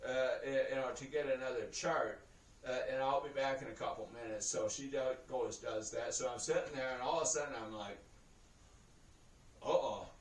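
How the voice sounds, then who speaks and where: A man's voice: mid-range voice, a little fast. A man telling a story in a casual vlog, rambling and swearing, often breaking into laughter. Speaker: vlogger. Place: indoor room. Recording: roomy echo, heard from a distance.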